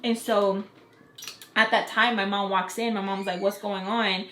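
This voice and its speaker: A young woman telling a personal story in a casual storytime vlog, chatty and animated with lots of "like" fillers. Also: mid-range voice, normal speed. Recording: roomy echo with faint background noise.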